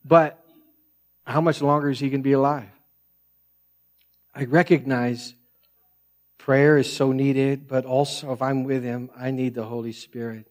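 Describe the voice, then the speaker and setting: A man's voice: mid-range voice, level tone, a little slow, pauses often. A middle-aged male pastor preaching a sermon in a casual, slangy way, often repeating words as he goes.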